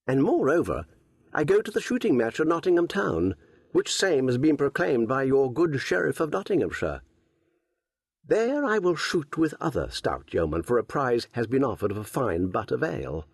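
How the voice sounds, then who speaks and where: A man's voice: medium pitch, big pitch swings, moderate pace, gravelly, breathy edge, no room sound, clean studio sound, voice pushed up, heavily acted. A man voicing a bold, eager young outlaw archer, raised and boastful. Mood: defiant.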